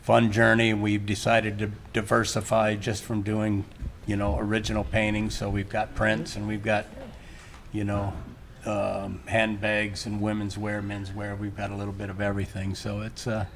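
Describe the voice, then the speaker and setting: An older man, a painter, rambling and halting through a casual interview in a gallery. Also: lowish voice, completely flat delivery, slight background noise. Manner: rambling, halting, restarts often. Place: art gallery during a live event.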